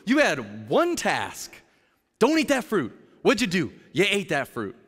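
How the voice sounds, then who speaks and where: A man's voice: sits high, wildly swooping pitch, fairly bright tone, slightly rough, full character voice. Man playing a stern, disappointed God. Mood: reproachful. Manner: slow, reproachful. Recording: long hall reverb.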